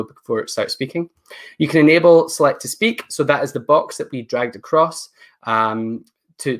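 Male trainer, relaxed, thinks aloud mid-demo, computer mic on a call. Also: medium pitch. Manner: casual, thinks aloud while clicking through settings. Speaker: education technology presenter. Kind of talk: live online training session.

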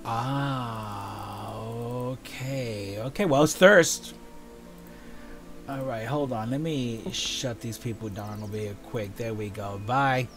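Guy hosting a chill show, playful and chatty, talks slow, soft music behind. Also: mid-range voice, lively intonation. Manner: chatty, playful, drops into quick asides. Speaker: show host. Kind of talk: casual chat reviewing event items.

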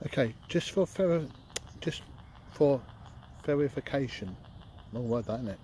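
Calm man coaxing spirits outdoors. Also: mid-range voice, measured pace. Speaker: paranormal investigator. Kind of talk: ghost hunting session. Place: outdoors in a cemetery at night. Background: faint noise of passing traffic.

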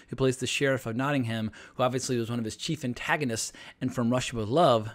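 An excited man delivers a casual film review straight to camera, gushing with enthusiasm. He talks loosely and conversationally, with fillers, and sounds like a fan sharing favorites. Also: mid-range voice. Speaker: film reviewer and channel host.

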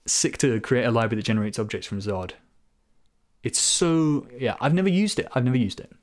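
A man live-streaming a programming session, thinking aloud, trading jokes with viewers and chuckling often. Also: mid-range voice. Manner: muses aloud, weighs names, chuckles often. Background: computer keyboard typing.

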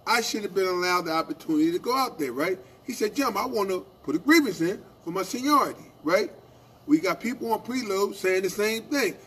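A man co-hosting a union radio show, telling animated stories in casual talk and asking "right?" after his points. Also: high-pitched, brisk, slightly rough. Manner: animated storytelling, acting out quoted exchanges, repeated "right?".

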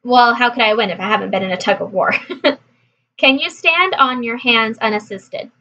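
A woman from California chatting casually through a list of questions, answering briskly with frequent laughs. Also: fairly high pitch, pushed and bright, muffled recording, a little hiss or hum. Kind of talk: casual chat.

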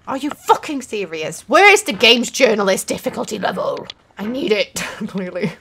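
Bright, lively young woman gamer swearing. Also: medium pitch, moderate pace, a little hiss or hum. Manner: swears constantly, swings between sarcasm and yelling. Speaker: gaming channel host. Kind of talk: frustrated gameplay commentary.

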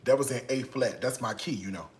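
A man's voice: medium pitch, brisk, a little mellow, roomy sound, a little hiss or hum. A man hosting his own cooking vlog from his home kitchen, chatting in a playful, sassy way and breaking into song now and then. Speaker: cooking show host. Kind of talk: casual cooking vlog chat.

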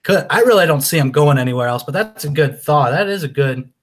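A man co-hosting a sports podcast in a casual, joking way. His voice sits slightly high and he keeps the talk animated. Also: noisy background. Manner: animated, joking, quick to laugh.

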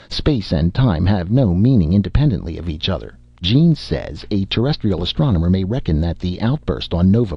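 A man's voice: low voice, husky, dry recording, lo-fi sound, heavily acted. A man voicing an anxious, driven young male scientist who stammers when upset, in a storybook reading.

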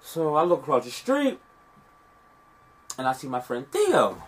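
A man's voice: fairly high pitch, wildly swooping pitch, measured pace, breathy edge, full character voice. An actor playing a young man on a phone call who tells a rambling, profane story about a party night, defensive and streetwise. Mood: recounting. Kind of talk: scripted monologue.

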